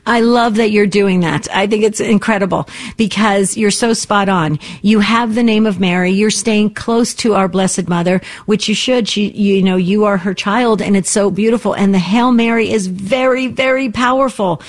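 A woman's voice: medium pitch, fairly even intonation. Encouraging woman radio host. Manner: warm, encouraging, quick-talking. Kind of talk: talk radio hosting.

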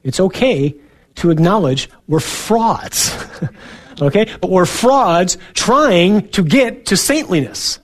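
Earnest priest preaching conversationally. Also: male voice, high-pitched, expressive, slow. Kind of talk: sermon.

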